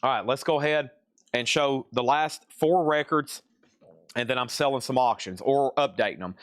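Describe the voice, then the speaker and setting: A man's voice: mid-range voice, normal speed, no room sound, studio quality. A man hosting a live-stream vinyl record sale, chatting casually as he reels off prices, grades and bidder names. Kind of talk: live-stream auction chat.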